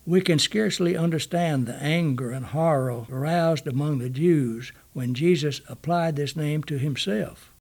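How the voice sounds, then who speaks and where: A man with a slightly raised voice reads a Bible study passage at an unhurried pace. His delivery is measured and deliberate, and he stops to give each scripture reference. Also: a little high, darkish tone, husky.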